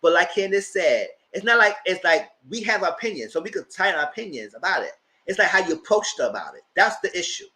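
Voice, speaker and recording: A man hosting a live TV review, chatting casually in a blunt, slangy, animated way. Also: high-pitched, poor audio. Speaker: host of a TV review channel.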